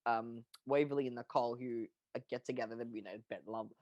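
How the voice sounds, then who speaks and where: A co-host on a casual online fan discussion of a TV show, emphatic, excitable and jokey. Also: medium pitch, fast talker, no echo, lo-fi sound. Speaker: podcast co-host.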